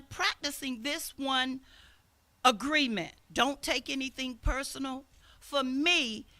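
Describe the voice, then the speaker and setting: A woman's voice: sits high, sharp tone. An older woman minister giving a sermon outdoors, telling stories in an earnest way and acting out the voices she quotes. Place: outdoor service.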